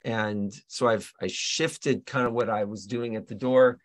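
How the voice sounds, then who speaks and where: Animated man telling a story. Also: medium pitch, a little slow. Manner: animated storyteller, trailing restarts. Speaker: guest, real estate agent and coach. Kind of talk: storytelling in a casual interview. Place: Colorado.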